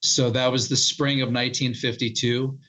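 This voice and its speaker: Animated storytelling man, interview guest. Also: medium pitch, normal speed, low-quality recording. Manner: animated storyteller, quotes others in their voices. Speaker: author and historian guest.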